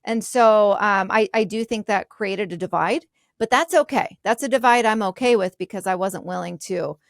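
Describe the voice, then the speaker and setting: A woman's voice: mid-range voice, moderate pace, vocal fry, no echo, studio quality. A woman co-hosting a podcast, explaining workplace ideas in a candid, casual way with lighthearted asides. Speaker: podcast co-host.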